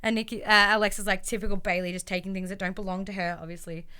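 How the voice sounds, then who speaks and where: A woman's voice: mid-range voice, little pitch movement, quick pace, bright, forceful tone, clear, resonant tone. A woman chatting casually as a podcast co-host, rambling along with lots of fillers. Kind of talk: casual chat recapping wrestling.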